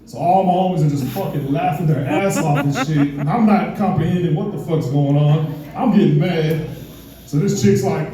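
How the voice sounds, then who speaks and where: A man tells a crude story on an open-mic stage, his voice high yet dark. He swears freely and throws in quick put-on voices. The mic is heard from a distance in a boomy, echoing room. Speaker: stand-up comedian. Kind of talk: stand-up set at an open mic.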